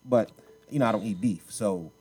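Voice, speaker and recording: A man's voice: fairly low pitch, moderate pace, dark tone, soft background music. Slangy man hosting a casual podcast. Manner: loose, slangy, repeats himself. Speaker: podcast host. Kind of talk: casual chat.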